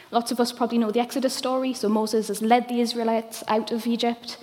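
A woman's voice: fairly high pitch, little pitch movement, fast, hardly any pauses, a little mellow. A woman, preaching a conversational sermon with frequent ums. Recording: long hall reverb.

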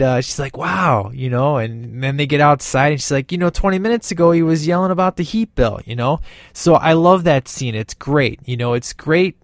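A man giving a casual, rambling movie review, excited and acting out bits of scenes in quick voices. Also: on the high side, no echo, clean studio sound.

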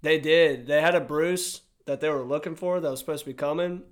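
A young man casually telling a story on a podcast, animated and profane, acting out what people said. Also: on the high side, fairly quick.

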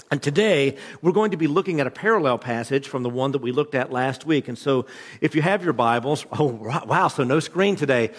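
Joking pastor preaching in a reverberant hall. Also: male voice, medium pitch. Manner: conversational, joking storytelling. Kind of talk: sermon. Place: church hall.

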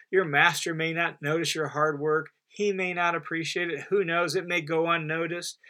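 A male Bible teacher with a bright, fairly high voice explains scripture in a relaxed, conversational way. He presses his points through repetition and emphatic restatement, often restarting his phrases. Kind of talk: unscripted Bible commentary.

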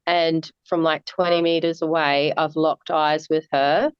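A woman with an Australian accent speaks slowly and haltingly in a casual interview. Her voice is smooth and fairly low. The sound is dry and a little dull. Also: flat delivery, no echo. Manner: halting, with many fillers and restarts. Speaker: guest, marathon runner.

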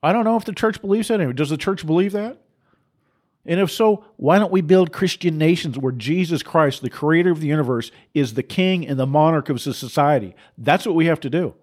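Speaking briskly with a voice on the high side, this middle-aged man delivers a passionate, sermon-like rant. He pushes hard, laughs at his own asides, and slips into mocking impressions.

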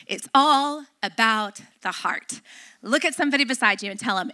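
A woman pastor preaching a sermon, telling a family story and acting out the dialogue with lively energy. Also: high voice, normal speed. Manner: animated storyteller, acts out dialogue.

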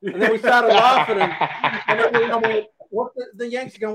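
High-voiced man telling a story. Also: fairly quick, rough recording. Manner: animated storyteller, swears freely. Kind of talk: casual chat.

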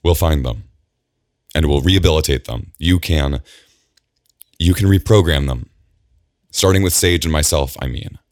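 A man voicing a caring female android who speaks softly and reassuringly. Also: rumbling low, moderate pace, long pauses, no room sound, studio quality. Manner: soft and reassuring.

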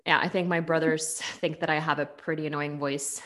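A woman's voice: sits low, little pitch movement, moderate pace, fairly bright tone. A woman with a Norwegian accent, hosting a casual podcast chat over a video call, bubbly and giggly. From Norway. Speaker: podcast host and yoga teacher. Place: home in Bergen, on a video call.

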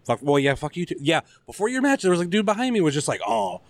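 A man's voice: fairly high pitch, wildly swooping pitch, fast, no echo. A man hosting a wrestling podcast, chatting loosely and swearing freely. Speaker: podcast host. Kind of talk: casual chat.

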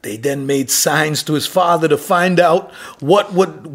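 A man preaching a fervent sermon as pastor, calling out for responses and dropping from loud calls to soft whispers. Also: a little high, slow pace, vocal fry, slightly rough.

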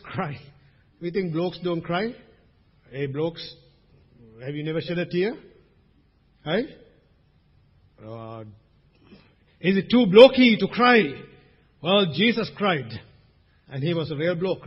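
A man preaching a sermon as pastor, swinging between loud emphasis and hushed asides. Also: on the high side, slightly rough. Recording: dull recording with long hall reverb.

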